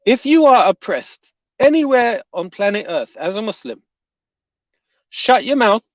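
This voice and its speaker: A man's voice: high-pitched, very animated, unhurried, no room sound. Heated man ranting, dull dry audio. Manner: heated, indignant, repeating himself. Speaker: online commentator. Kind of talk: heated reaction rant to camera.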